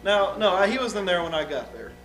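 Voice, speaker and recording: A man's voice: high voice, very animated, quick pace, a bit bright, a little hiss or hum. A man playing a young, uneducated outlaw on the witness stand, talking in a folksy, rambling, hesitant way. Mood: guarded. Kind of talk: improvised courtroom drama.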